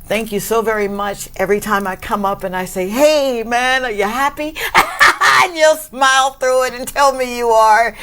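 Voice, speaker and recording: Woman talk show host; slow, effusive delivery, frequent laughter, big emotional thank-yous. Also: mid-range voice. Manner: emotional, laughs often, animated shout-outs. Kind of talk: warm effusive interview talk.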